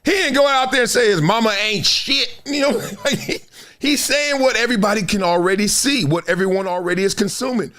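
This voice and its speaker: A man's voice: high voice, fairly quick. A man hosting a sports talk show, chatting playfully and laughing as he tells a story. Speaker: host. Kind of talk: casual commentary, then sung rap verse. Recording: loud hip hop beat behind.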